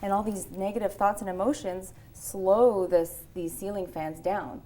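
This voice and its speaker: A woman's voice: medium pitch, fairly even intonation, unhurried, dark tone, slight background noise. A woman Reiki practitioner explaining her work in casual conversation, earnest and reassuring. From Canada. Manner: earnest, reassuring, laughs easily.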